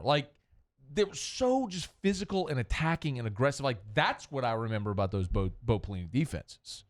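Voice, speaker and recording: Animated man hosting sports talk. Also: mid-range voice, fairly quick. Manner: animated, emphatic, rambling asides. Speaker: sports radio host. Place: radio studio.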